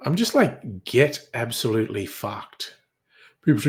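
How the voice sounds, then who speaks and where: A man's voice: medium pitch, very animated, unhurried. A young man reading headlines in a casual chat, crude and sardonic, swearing freely. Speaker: streamer.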